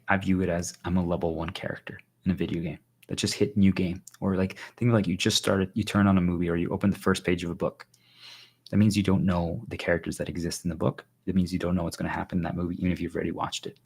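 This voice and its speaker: Fast-talking, urgent male streamer. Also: sits low, fairly even intonation, husky. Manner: urgent, insistent, repeats phrases for emphasis. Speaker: livestreamer. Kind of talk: motivational monologue to viewers.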